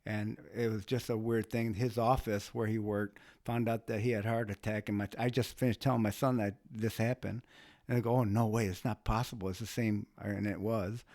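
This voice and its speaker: A man's voice: lowish voice, flat delivery, normal speed, a little mellow, no echo, studio quality. A man telling a personal story as a guest, speaking casually with restarts and rising emotion. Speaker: guest, bystander who helped.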